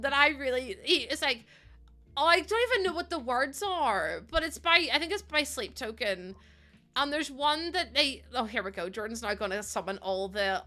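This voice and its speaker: A young woman chatting casually to her stream, full of "like" and quick laughs. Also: on the high side, sharp tone. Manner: chatty, laughs often, lots of "like".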